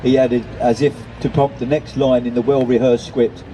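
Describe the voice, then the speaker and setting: Male reader, very dark mellow tone, steady novel reading. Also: medium pitch, a little hiss or hum. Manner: steady, measured narration. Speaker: reader at a charity event.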